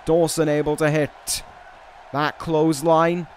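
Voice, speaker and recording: A man giving play-by-play commentary over a wrestling video game, with casual, rambling asides and restarts, and excited calls on big moves. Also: on the high side, slow, a little hiss or hum. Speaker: gaming video host.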